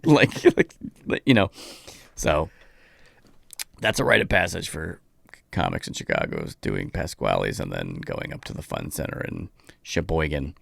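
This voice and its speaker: A man, a comedian guest on a podcast, telling stories in a casual, animated way and acting out other people's lines. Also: rumbling low, normal speed, vocal fry, long pauses, no room sound, clean studio sound. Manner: peppers speech with "like".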